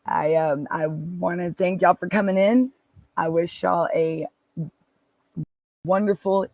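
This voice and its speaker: A man's voice: high-pitched, creaky, no echo. A man hosting a casual livestream from his car, rambling and answering viewer comments with many restarts. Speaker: livestream host. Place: parked car.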